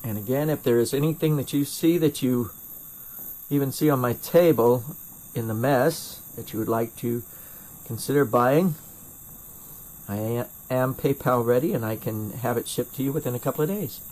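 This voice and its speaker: A man's voice: mid-range voice, normal speed, a little mellow. Rambling North Carolina man demoing glass. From North Carolina, USA. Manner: rambling and self-deprecating, with frequent restarts. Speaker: glassblower streaming torch demos. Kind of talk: casual live demo chat answering viewer questions. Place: home glass studio at the torch. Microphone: first-person camera mic.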